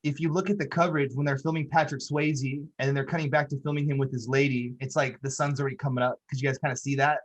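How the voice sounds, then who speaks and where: A man's voice: medium pitch, quick pace, few pauses. A man hosting a casual podcast, talking loosely about filmmaking details in a movie. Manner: relaxed, loose, points out film craft details.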